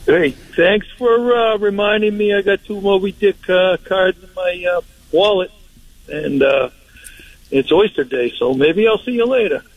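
Guy calling into a radio show, a bit husky, kinda high for a man, phone line sound. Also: a little slow. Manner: casual, joking with the host. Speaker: caller. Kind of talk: phone-in call.

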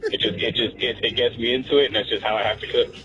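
A man's voice: mid-range voice, steady tone, fast, pushed and bright, dull audio. A man calling in to a radio show, talking in a laid-back, easygoing way. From Hispanic background. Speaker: caller. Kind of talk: casual chat.

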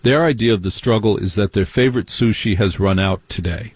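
A man telling a personal story as stand-up comedy, wry and mocking, slipping into quick impressions of other people. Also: on the low side, slightly rough, no echo.

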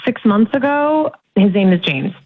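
A woman's voice: mid-range voice, big pitch swings, measured pace. A young woman calling in to a radio show, chatty and upbeat, laughing easily as she tells her story. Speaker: caller. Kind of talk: phone-in chat. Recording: tinny phone line.

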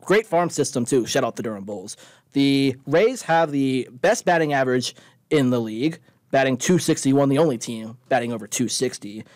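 A man's voice: medium pitch, expressive, normal speed, darkish tone, no room sound. A young man co-hosting a sports talk show, arguing earnestly and citing statistics. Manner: stat-heavy, earnest arguing. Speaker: radio show co-host. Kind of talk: casual sports chat.

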